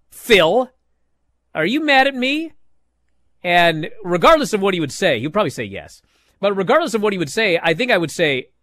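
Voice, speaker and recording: Podcast guy telling a story, pretty high voice, bounces around a lot, dry close sound. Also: no room sound. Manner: animated storytelling with restarts. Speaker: podcast host. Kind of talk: casual chat.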